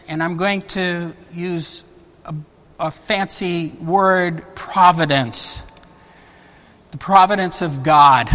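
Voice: mid-range voice, a bit bright. A preacher giving a sermon, often repeating words and restarting phrases. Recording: long hall reverb.

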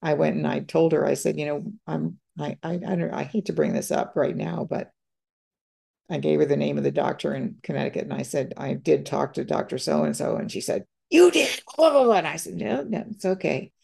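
An older woman telling a personal story as a podcast guest, halting and repeating words as she quotes others. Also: low-pitched, flat delivery, creaky, mellow, breathy edge.

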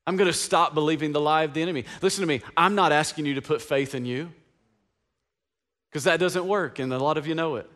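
A man's voice: fairly high pitch, fast talker, a bit bright. A male pastor from East Tennessee, preaching an Easter sermon with passion and call-and-response. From East Tennessee, USA.

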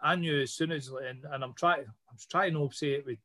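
A man's voice: a little high, fairly even intonation, brisk, bright, forceful tone, dry recording. A man hosting a podcast, talking in blunt, sweary banter. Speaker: podcast host. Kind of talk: casual chat.

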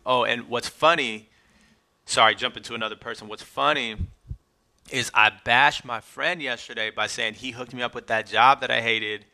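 A man's voice: mid-range voice, creaky, bright, forceful tone. A middle-aged man hosting a podcast, talking casually and emotionally as he speaks straight to his family and friends. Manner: emotional, casual, addresses loved ones directly. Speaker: podcast host. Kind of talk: heartfelt podcast monologue.

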